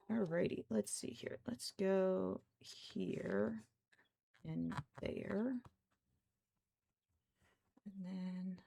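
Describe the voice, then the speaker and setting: A woman's voice: fairly low pitch, gravelly, mellow, dry recording. A woman streamer chatting casually while crafting, who talks to her cats in baby talk.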